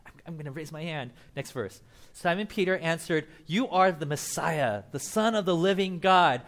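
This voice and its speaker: A young man preaching a casual sermon as pastor, animated, acting out Bible characters and laughing often. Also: fairly high pitch, a little fast.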